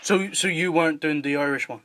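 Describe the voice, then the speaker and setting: A man's voice: a little high, brisk, noisy background. A young adult man hosting a podcast in casual chat, joking, laughing often and swearing freely. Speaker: podcast host.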